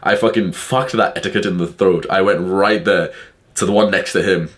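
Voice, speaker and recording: A man's voice: sits low, moderate pace. A young man telling a story to camera in a casual, profane way, full of "like" fillers. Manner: profane, heavy use of "like" fillers, animated retelling. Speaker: vlogger.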